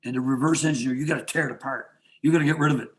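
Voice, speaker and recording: A man in his sixties from Canada speaks as a martial arts guest on a talk show. He rambles through stories with many fillers and restarts, at an ordinary pitch for a man. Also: steady tone, rapid-fire. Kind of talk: casual interview chat.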